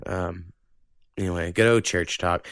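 A man's voice: sits low, fairly even intonation, measured pace, creaky, fairly bright tone, clean tone, no room sound, clean studio sound. Rambling profane podcast host man. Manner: loose, profane, rambling with many fillers. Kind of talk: casual chat.

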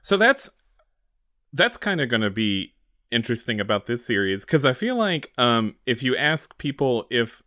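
A man's voice: mid-range voice, big pitch swings, moderate pace, bright, forceful tone, no echo, clean studio sound. A man co-hosting a podcast in a joking, playful way. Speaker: podcast co-host. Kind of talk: casual podcast chat.

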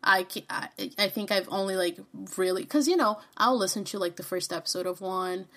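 A young woman from Brazil, co-hosting a podcast in a lively, blunt, chatty way. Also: mid-range voice, brisk. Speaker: podcast co-host. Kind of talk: casual chat.

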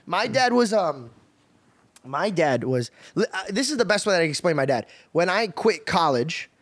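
A young man hosting a podcast, telling stories in animated casual chat, laughing often and swearing freely. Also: sits high, normal speed, no echo. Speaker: podcast host.

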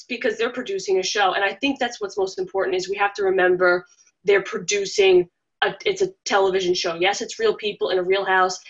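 A woman guest on an interview, talking in a rambling, animated way and acting out quoted voices. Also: medium pitch, highs cut off. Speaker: interview guest, former reality show contestant. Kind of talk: casual interview talk.

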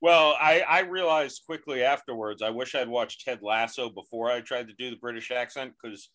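A male comedian guest on a podcast, rambling in a self-deprecating way with halting restarts. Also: medium pitch, pushed and bright. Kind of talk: casual comedy podcast chat.

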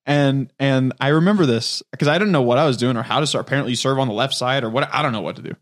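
A man's voice: medium pitch, racing. A man co-hosting a casual chat, telling a story and laughing often. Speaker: podcast co-host.

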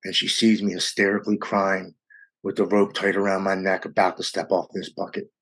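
A man candidly telling a raw personal story in an interview, speeding up and slowing down as the emotion rises. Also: low-pitched, flat delivery, a bit bright. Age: adult with young children. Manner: earnest, raw, quickens and slows with emotion. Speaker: guest sharing his recovery story.

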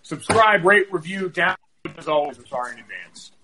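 A man's voice: fairly high pitch, lively intonation, fairly quick, pushed and bright. A man hosting a family podcast in a casual, joking, self-deprecating manner. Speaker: podcast host.

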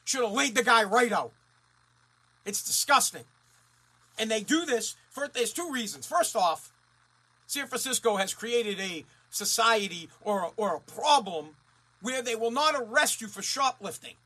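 A man's voice: high voice, expressive, unhurried, sharp tone, husky. A man ranting as a talk radio host, blunt, profane and fired up.

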